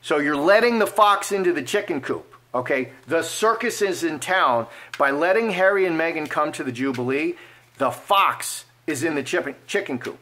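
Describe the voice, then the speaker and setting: High-voiced man reading cards aloud. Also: moderate pace. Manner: animated, playfully acts out imagined speech. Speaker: card reader. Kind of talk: casual fortune-telling commentary.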